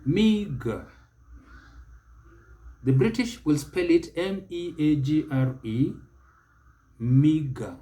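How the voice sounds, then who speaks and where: A man with a Kenyan accent teaching English pronunciation, speaking deliberately and repeating each word for emphasis. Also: fairly high pitch, dark tone.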